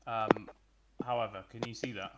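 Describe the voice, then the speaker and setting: A man's voice: fairly low pitch, steady tone, moderate pace, heavy background noise. Man, guest, hesitant, lots of ums, casual chat. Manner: hesitant, many fillers.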